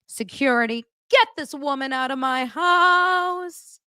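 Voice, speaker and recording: A woman voicing an imperious, indignant female reality star, dramatic and shrill, with a dry close sound. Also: takes it slowly, sharp tone, no echo, exaggerated voice.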